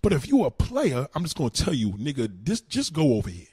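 A man's voice: fairly high pitch, wildly swooping pitch, fairly quick, darkish tone, husky, no echo. A man, ranting in a combative way at a livestream's comments, with heavy cursing, slang and repeated retorts. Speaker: livestream host answering comments.

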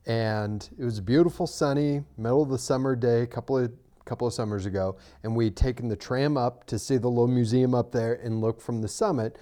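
A man's voice: medium pitch, brisk, hardly any pauses. A middle-aged man co-hosting a podcast in casual chat, telling stories and teasing his friend. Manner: teasing, animated storyteller. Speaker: podcast co-host.

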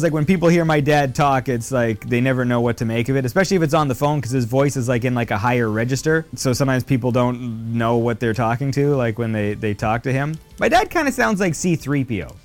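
A man's voice: mid-range voice, animated, brisk, hardly any pauses, soft background music. A man hosting a casual chat, rambling with many fillers and frequent swearing. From Canada. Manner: rambling, profane, lots of fillers. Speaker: podcast host.

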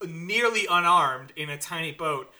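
A man's voice: fairly high pitch, lively intonation, a little slow, pushed and bright. A man co-hosting a podcast, chatting casually about a movie, rambling with restarts and frequent laughter. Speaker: podcast co-host. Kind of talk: casual movie review chat.

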